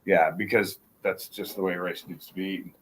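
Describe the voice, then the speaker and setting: Low-voiced man rambling in casual chat. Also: steady tone, a bit bright, breathy edge. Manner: rambling, halting with fillers and restarts. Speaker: livestream co-host.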